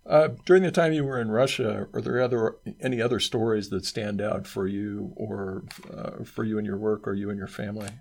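A male interviewer with a low, husky, gravelly voice. He asks attentive follow-up questions, prompting his guest for more stories. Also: steady tone, fairly quick, hardly any pauses, darkish tone. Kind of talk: oral history interview.

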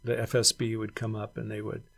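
A man's voice: on the low side, monotone, brisk, gravelly, a bit bright. A middle-aged man, a former missionary and regional director, reflectively recounting his years abroad in an oral history interview. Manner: reflective storyteller who acts out quoted voices.

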